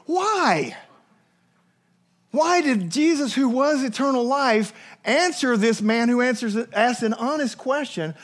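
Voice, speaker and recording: A man delivers a sermon with lively energy. His voice sits high for a man, and he slips into little acted voices for the people he quotes. He keeps turning to his listeners with questions. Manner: animated preacher, acts out quoted voices, asks the listeners questions. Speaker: pastor.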